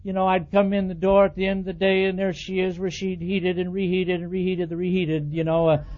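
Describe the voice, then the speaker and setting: A man with a high voice preaches a sermon, telling animated personal stories and acting out both sides of the dialogue. The recording is dull and lo-fi. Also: brisk. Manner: animated storytelling, acts out quoted dialogue, chuckles at himself.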